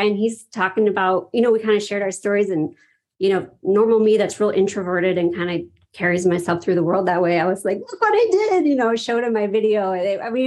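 A woman's voice: medium pitch, a little mellow. A woman sharing a heartfelt personal story in casual talk, laughing often and acting out her own reactions.

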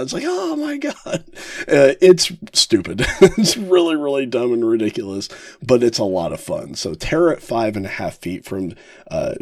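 A man hosting a casual podcast, ranking favorite episodes with frequent chuckles and halting fillers. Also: lowish voice, darkish tone, no room sound, clean studio sound. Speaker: podcast host.

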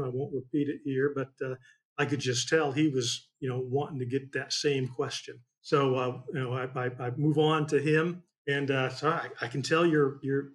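Folksy rambling man from Indiana. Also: medium pitch. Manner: folksy, rambling with many fillers. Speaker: trial attorney guest. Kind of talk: storytelling in casual chat.

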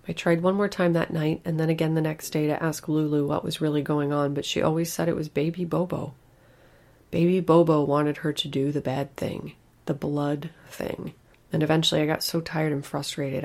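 A woman's voice: low-pitched, gravelly, darkish tone. A woman narrating a first-person horror story in an anxious, intimate way.

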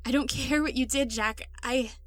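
A woman voicing an anxious young pregnant woman who pleads softly with her partner. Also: sits high, moderate pace, no room sound, faint music behind, natural voice. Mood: pleading. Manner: soft, pleading.

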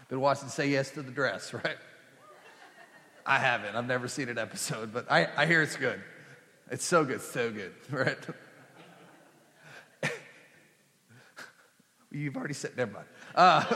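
A man's voice: animated, normal speed, pauses often, sharp tone. A middle-aged man preaching a humorous sermon, telling a personal story in a chatty, joking way with squealed impressions. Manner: chatty, jokey, with put-on high squeals for quoted women. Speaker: pastor. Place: church sanctuary. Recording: long hall reverb.

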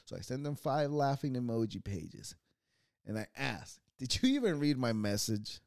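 A man's voice: medium pitch, expressive, moderate pace, vocal fry, a little mellow, dry recording, studio quality. A young adult man hosting his own show, ranting casually with a lot of swearing and mocking laughter. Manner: profane, mocking, laughs often. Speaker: podcast host.

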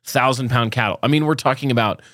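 A man's voice: mid-range voice, fast talker, fairly bright tone, no echo, studio quality. A man co-hosting a podcast, talking casually and enthusiastically, rambling a bit and joking. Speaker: podcast co-host. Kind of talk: casual chat.

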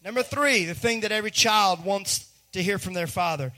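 A high-voiced man preaching. His delivery is animated, dropping to near-hushed asides before climbing to shouted lines. The tone is bright and ringing. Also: moderate pace, hardly any pauses. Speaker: pastor. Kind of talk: sermon.

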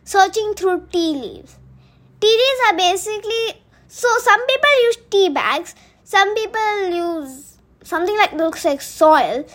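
A woman's voice: very high voice, animated, unhurried, a bit bright. A woman hosting a podcast, retelling a book in a chatty way with fillers and asides. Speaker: podcast host.

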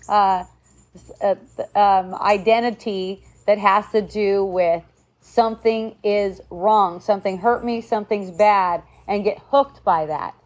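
Woman, mid-range voice, casual spiritual teacher; chatty, filler-heavy, swears freely. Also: medium pitch. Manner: loose and conversational, frequent "like" and "right?", blunt swearing.

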